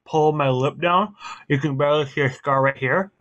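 A man's voice: a little high, moderate pace, fairly bright tone, muffled recording. A man on a casual call, an easygoing storyteller. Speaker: guest. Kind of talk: casual video-call chat.

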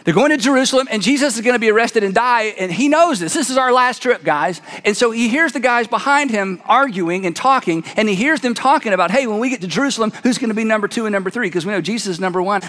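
A man preaching a sermon, retelling a story dramatically and dropping to a hush for emphasis. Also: extremely high pitch, in a large hall. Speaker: pastor.

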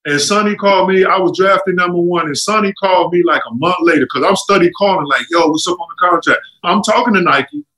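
A middle-aged man telling stories in a casual chat, animated and acting out what others said. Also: quick pace, hardly any pauses, low-quality recording. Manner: animated, acts out quotes with jumps in pitch. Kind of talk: casual storytelling.

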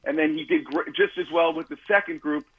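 A man's voice: a little high, fairly even intonation, brisk, husky, phone-quality sound. A man from the Chicago area, an author and guest, telling candid, self-mocking stories in a radio interview and acting out the voices he quotes.

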